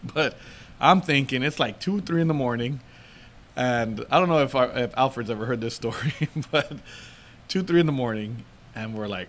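A man's voice: mid-range voice, moderate pace, a bit bright, a little hiss or hum. A man co-hosting a casual podcast chat, telling a long story in a rambling way and laughing often. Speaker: podcast co-host.

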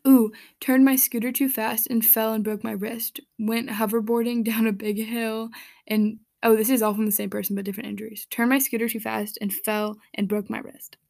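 A woman's voice: a little high, level tone, moderate pace, vocal fry, darkish tone. A woman hosting a casual solo podcast, reading out listener answers in a chatty, giggly, rambling way with many fillers and restarts. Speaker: podcast host. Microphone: podcast microphone.

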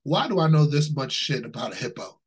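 Animated husky man ranting on a podcast. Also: medium pitch, fairly quick, low-quality recording. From Ohio, USA. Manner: animated, ranting, laughs often, swears freely. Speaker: podcast co-host. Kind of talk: casual podcast chat.

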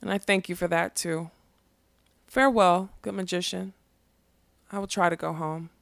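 A woman's voice: lowish voice, steady tone, vocal fry, no echo, clean studio sound. A woman reading as a grieving immortal unicorn. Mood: gentle farewell. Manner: solemn, measured storybook speech. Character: sorrowful immortal female unicorn, grave and gentle.

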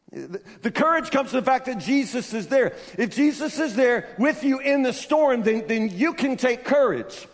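Guy preaching a sermon, high voice, keeps going "but, but, but", lots of reverb. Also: lively intonation, normal speed. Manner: emphatic, with repeated restarts. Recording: long reverb of a large hall.

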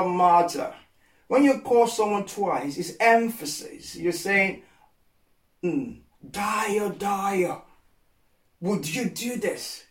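A man preaching a sermon with passion, repeating phrases for emphasis and swinging from hushed, gentle lines to loud, pleading ones. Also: high-pitched. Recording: echoey sound from a distant mic.

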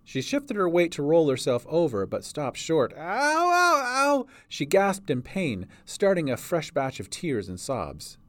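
A man's voice: on the high side, sing-song, a little slow, few pauses, darkish tone, dry recording. A man narrating a storybook reading as its writer and producer.

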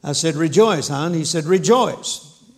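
A man's voice: a little high, measured pace, gravelly, a little mellow. A man preaching a sermon, telling a story with folksy humor and acting out the dialogue. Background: audience laughter.

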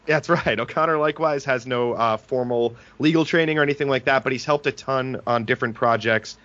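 A man's voice: medium pitch, brisk, a bit bright, no room sound, highs cut off. A man hosting a podcast, an attorney, talking in a casual, joking and talkative way.

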